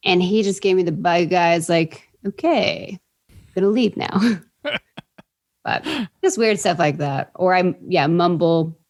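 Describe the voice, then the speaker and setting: Quirky woman telling stories, low voice. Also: unhurried. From Indianapolis, US. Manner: quirky, bubbly storytelling. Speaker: podcast guest. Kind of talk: casual interview chat.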